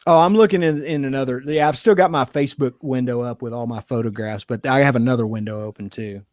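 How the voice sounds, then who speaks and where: A man's voice: medium pitch, fast talker, a little mellow, no room sound. Easygoing man, dry close sound. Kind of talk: casual chat.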